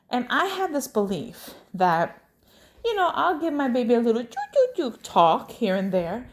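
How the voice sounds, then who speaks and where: A woman in her thirties chatting casually at home, telling a story with lively energy. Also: fairly high pitch. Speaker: vlogger. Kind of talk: casual chat. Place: home kitchen.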